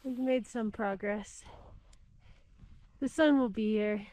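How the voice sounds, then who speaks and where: A woman on a windy high mountain, out of breath and cold, talking plainly and candidly. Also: takes it slowly, dark tone. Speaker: climber and filmmaker. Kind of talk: casual vlog chat.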